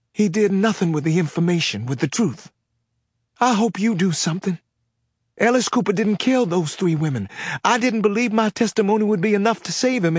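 A man's voice: high-pitched, husky, no echo, voice pushed up. A man voicing a frightened Southern woman caller. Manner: pleading, halting, close to tears.

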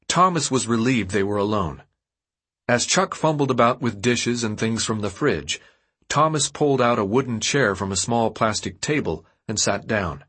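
A man narrating an audiobook in an expressive storytelling manner. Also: fairly low pitch, moderate pace, slightly rough. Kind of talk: scripted narration.

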